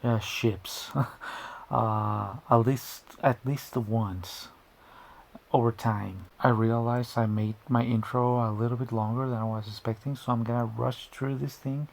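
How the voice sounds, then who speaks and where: Brief: male creator, mid-pitched, gravelly, loose rambling commentary full of restarts. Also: fairly even intonation, unhurried, darkish tone. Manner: rambling, frequent restarts and asides. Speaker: video creator.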